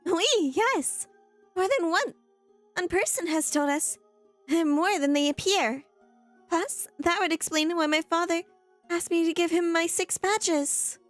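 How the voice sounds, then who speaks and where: Girl putting on a super high little artsy girl voice, airy and a bit scatterbrained, dry sound. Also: a little slow, dry recording, soft background music. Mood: earnest. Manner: sprinkles in French words. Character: dreamy artsy young woman, scatterbrained. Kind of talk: voicing game dialogue.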